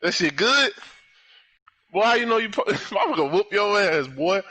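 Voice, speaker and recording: A young man giving live commentary on his own gameplay, loud and full of profane trash talk. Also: high voice, very animated, normal speed. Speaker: gamer.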